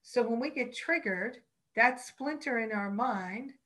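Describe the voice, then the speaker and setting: A woman teaching on spiritual practice, speaking in a slow, earnest and emphatic way. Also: a little high, pushed and bright, poor audio.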